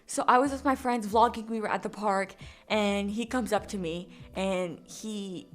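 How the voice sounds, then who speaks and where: A woman telling a casual story-time vlog, speaking in an animated, candid way. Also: mid-range voice, moderate pace. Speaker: vlogger.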